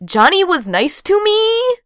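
A woman's voice: medium pitch, expressive, moderate pace, bright, forceful tone, no room sound, clean studio sound. A woman reading an audiobook voices a playful young woman who turns mock-dramatic. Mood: anxious. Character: teasing, excitable young woman.

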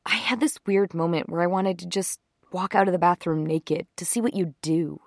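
A woman's voice: lowish voice, fairly even intonation, moderate pace, no echo, studio quality. A woman voicing a shy young woman confiding. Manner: hesitant, soft and confessional. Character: nervous young woman confiding in her boyfriend. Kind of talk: story reading with character voices.

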